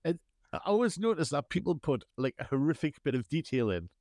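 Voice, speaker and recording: A man's voice: on the high side, sing-song, fast, a little mellow, dry recording, clean studio sound. A man co-hosting a podcast, casual and jokey, laughing often. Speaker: podcast co-host. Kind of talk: casual chat.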